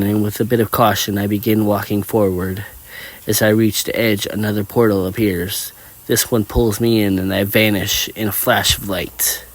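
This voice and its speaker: Low-voiced man narrating a story. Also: no room sound. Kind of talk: first-person story narration.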